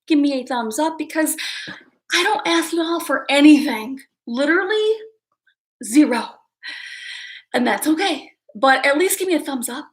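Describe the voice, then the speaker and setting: A woman hosts a casual livestream, chatting straight to her viewers in a hyper, self-amused way and often laughing at herself. Her voice sits high and is animated, a little slow, with frequent pauses.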